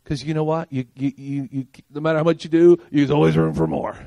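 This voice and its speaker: An older man preaching a sermon as pastor, emphatic, firing rhetorical questions and asking the congregation if they are with him, swinging from loud punchy lines to quiet low ones. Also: steady tone, a little fast, vocal fry, no echo. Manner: emphatic, rhetorical questions and call-and-response checks.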